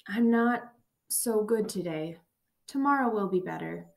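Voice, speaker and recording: A woman voicing a frail, dying old male professor who is gentle and loving, speaking in a thin, raspy, breathy whisper in slow short bursts between breaths, in an audiobook reading. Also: medium pitch, expressive. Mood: weak, tender. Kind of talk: audiobook narration.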